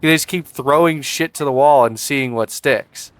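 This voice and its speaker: A man's voice: mid-range voice, moderate pace, no echo. A man giving casual reaction commentary as a vlogger, sarcastic and rambling with restarts.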